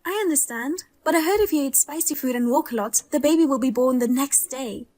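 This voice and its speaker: A woman's voice: high-pitched, fairly quick, a little mellow, lightly acted. A woman voicing a heavily pregnant young wife who is suspicious, wry and grimly humorous. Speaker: pregnant daughter-in-law. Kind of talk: dramatized story voice-over.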